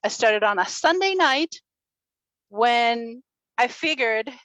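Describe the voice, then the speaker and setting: A woman in her forties speaks on stage, telling a personal story with earnest energy and a fairly high voice. The sound is dry and close, with no room echo. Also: slow. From Chile. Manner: earnest, animated storytelling with laughs and acted quotes. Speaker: speaker at a summit, radio and podcast host. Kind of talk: motivational personal talk. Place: stage at a summit.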